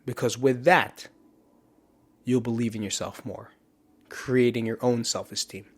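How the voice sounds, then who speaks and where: A man's voice: medium pitch, steady tone, unhurried. A man hosting a podcast, talking candidly and profanely in a self-questioning motivational monologue to the camera. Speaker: podcast host. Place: in front of a camera.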